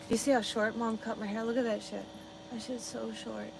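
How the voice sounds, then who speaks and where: A woman's voice: on the high side, fairly even intonation, a little slow, vocal fry, background noise. A woman chatting casually on a live stream, rambling with lots of fillers, swearing freely and amused by her own jokes. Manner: profane, rambling, self-amused, many fillers. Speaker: vlogger chatting with live viewers.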